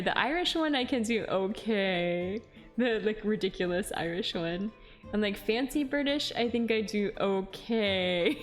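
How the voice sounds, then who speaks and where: A young woman chatting casually while streaming a game, giggly and rambling with lots of fillers. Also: mid-range voice.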